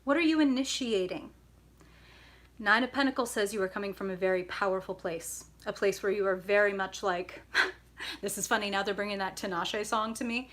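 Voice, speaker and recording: Bubbly woman with a bright, piercing voice. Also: medium pitch, fairly even intonation, normal speed. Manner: bubbly, greets viewers by name, laughs often. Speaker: tarot reader hosting a live stream. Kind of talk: live tarot reading, chatting with viewers.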